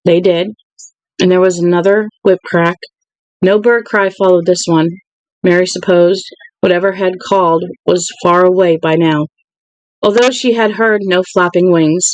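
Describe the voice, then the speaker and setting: A reader narrating a novel aloud in an even, unhurried way, with occasional restarts. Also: medium pitch, no room sound, dull audio. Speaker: audiobook reader.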